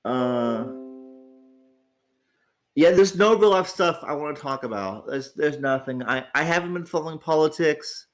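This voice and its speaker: Groggy male stream host, raised pitch, loose profane rambling delivery. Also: a little slow, soft background music. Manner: rambling, swears freely, stammers on restarts. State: tired, groggy. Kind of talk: casual livestream chat.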